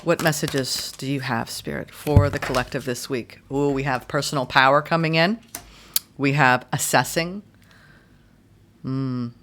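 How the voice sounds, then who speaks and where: A woman giving a guided tarot and astrology reading in a gentle, soothing way, speaking in slow, deliberate phrases. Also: rumbling low, fairly even intonation, slight background noise. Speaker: tarot reader.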